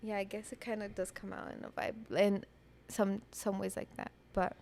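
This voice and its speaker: A woman's voice: medium pitch, level tone, normal speed, gravelly, darkish tone, slight background noise. A young woman co-hosting a podcast, chatting casually and telling stories with lots of fillers and laughs. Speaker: podcast co-host. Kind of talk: casual chat.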